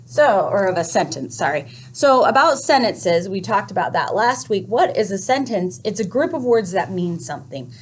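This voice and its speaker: A woman explaining a first grade reading lesson to parents, speaking clearly and patiently, step by step. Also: mid-range voice, animated, normal speed, hardly any pauses, a little hiss or hum.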